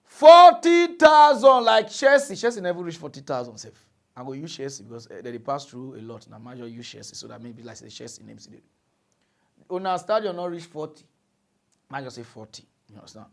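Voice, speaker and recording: A man's voice: mid-range voice, fast, gravelly. A man with a Nigerian Pidgin accent hosting a mock news show, delivering a mocking comic monologue. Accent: Nigerian Pidgin English. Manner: animated, mocking, breaks into shrieking impressions. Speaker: comedy news host.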